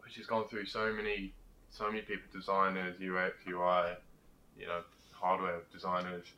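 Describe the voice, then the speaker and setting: Bright low young man explaining. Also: monotone, normal speed, muffled recording, a little hiss or hum. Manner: explains with examples and acted quotes. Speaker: podcast co-host. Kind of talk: casual chat.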